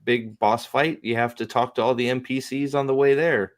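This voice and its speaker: A man's voice: mid-range voice, fairly even intonation, moderate pace. A man in casual book discussion, rambling and restarting, swearing often and acting out scenes. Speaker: podcast host.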